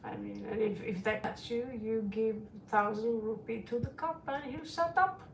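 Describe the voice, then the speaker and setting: A middle-aged tarot reader chats casually on a livestream in a fairly high voice with vocal fry, even intonation, and normal speed. She's frank and rambling and calls listeners sweetie. She sits far from the mic, with roomy echo and slight hiss or hum.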